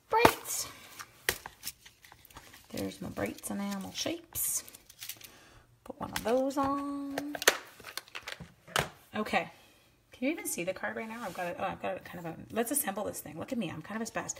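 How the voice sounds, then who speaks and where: A woman's voice: medium pitch, vocal fry, very noisy. A woman chatting casually with viewers while she makes a card on a live crafting stream, joking at her own mistakes. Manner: chatty, self-deprecating, talks to viewers while working. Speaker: card-making demonstrator.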